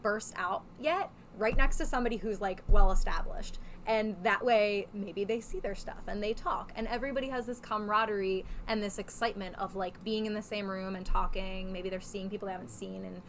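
A woman's voice: medium pitch, steady tone, brisk, hardly any pauses, fairly bright tone, a little hiss or hum. Chatty woman full of "like" fillers. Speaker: comic convention organizer. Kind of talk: casual podcast chat.

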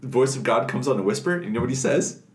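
A man co-hosting a casual faith podcast, telling scripture stories in an animated way and laughing often. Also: medium pitch, fast, echoey room, slight background noise. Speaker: podcast co-host.

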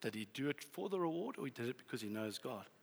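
A man preaching a sermon, telling a story with lively swings from loud to hushed. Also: medium pitch, fast talker, vocal fry. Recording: long hall reverb.

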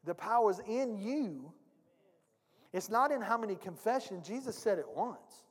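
A man's voice: sits high, expressive, measured pace, slightly rough. A male pastor preaching a sermon, emphatic and speaking directly to his congregation. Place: church sanctuary. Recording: long reverb of a church hall.

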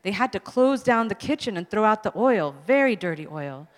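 Kindly father figure, read by a woman, amused anecdotal telling, lively pitch, hall echo. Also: normal speed, lightly acted. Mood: storytelling. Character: gentle immigrant father, fond storyteller. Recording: long hall reverb.

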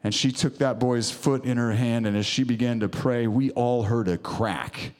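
A man's voice: medium pitch, steady tone, normal speed, darkish tone. A man preaching a sermon in church, fervent and exhorting, often urging the room on. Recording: long reverb of a large hall.

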